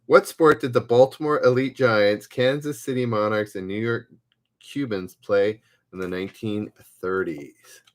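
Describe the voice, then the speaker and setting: A man hosting a live-streamed trivia game, reading each question twice and stopping often to search for words. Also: lowish voice. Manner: halting, hesitant, reads questions aloud twice with many fillers. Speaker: livestream trivia host. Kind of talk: casual live-stream chat.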